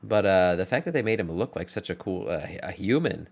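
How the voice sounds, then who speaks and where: A man with a fairly low voice chats his way through a reaction video. His talk is loose and blunt, with casual swearing. He thinks out loud as he watches. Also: lively intonation, a little fast, vocal fry.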